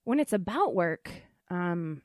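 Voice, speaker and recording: A woman's voice: on the low side, big pitch swings, takes it slowly, a little mellow, no room sound. A young adult woman hosting her own podcast, chatting casually and confessionally with a rambling, self-deprecating manner and many filler ums, close on the microphone. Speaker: podcast host.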